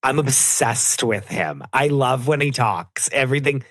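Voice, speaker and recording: Animated man telling funny stories. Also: mid-range voice, measured pace, no room sound. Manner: animated storyteller, does mock voices. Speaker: podcast guest, TV producer. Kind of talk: casual chat.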